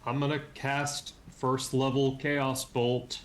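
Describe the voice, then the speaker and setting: A man playing in a tabletop game, chatting casually and getting excited. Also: mid-range voice, takes it slowly. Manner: excitable, animated. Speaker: player.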